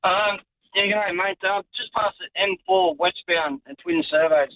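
A man calling in to a radio show to report a traffic incident, speaking in a halting way with many fillers over a tinny phone line. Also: high-pitched, expressive, gravelly, no room sound, faint music behind. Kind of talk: phone-in call.

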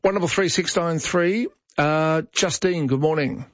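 This fairly high, slightly bright male voice moves at a measured pace, with no echo. He's a middle-aged Australian talkback host chatting and sharing opinions on listener messages, captured on a studio microphone in slightly dull broadcast audio.

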